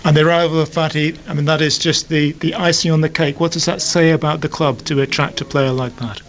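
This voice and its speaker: Reporter, male, fairly high voice, direct and conversational, lo-fi radio. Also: steady tone, fairly quick, a bit bright, a little hiss or hum. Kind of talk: post-match interviewing. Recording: lo-fi radio broadcast.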